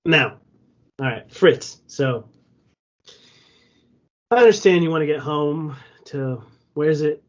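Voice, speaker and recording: A man's voice: on the high side, animated, takes it slowly, pauses often. A man voicing a menacing, scheming male adventurer who taunts and sneers in a tabletop game. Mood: sneering. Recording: dull lo-fi recording.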